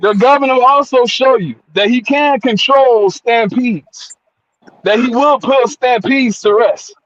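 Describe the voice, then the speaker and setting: A man's voice: very high-pitched, measured pace, a bit bright, muffled recording. A man cutting a pompous in-character wrestling promo, referring to himself in the third person and stammering through repeated words. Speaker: wrestling character at a mock media day.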